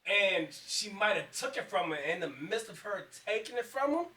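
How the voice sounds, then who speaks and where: Animated slangy man on a podcast. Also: high-pitched, moderate pace, echoey room, recorded from a distance. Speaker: podcast co-host. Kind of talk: casual group podcast chat.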